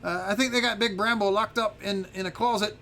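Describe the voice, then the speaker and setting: A man voicing a small boastful male dragon creature who rambles excitedly. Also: sits high, fairly quick, a little hiss or hum, voice pushed up. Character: boastful little male dragon, kobold-like, chatty.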